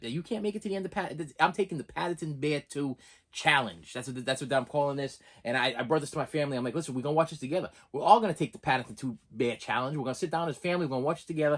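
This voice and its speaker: A middle-aged man hosting a casual movie unboxing video, talking in a rambling, excitable way and often repeating words and restarting his sentences. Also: medium pitch. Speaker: movie unboxing channel host.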